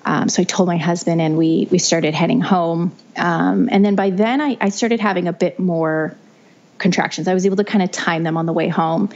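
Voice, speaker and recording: A young woman's birth story comes out in casual, chatty podcast-guest fashion, with restarted phrases and plenty of "you know." Her lowish voice is gravelly and darkish, her intonation fairly even, her pace moderate. The audio is dull and lo-fi.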